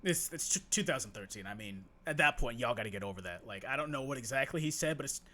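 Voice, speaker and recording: A man's voice: mid-range voice, animated, fast talker, bright, forceful tone. A man giving casual, slangy commentary on a clip, speaking straight to his viewers. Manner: laid-back, slangy, addresses viewers directly. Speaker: reaction streamer.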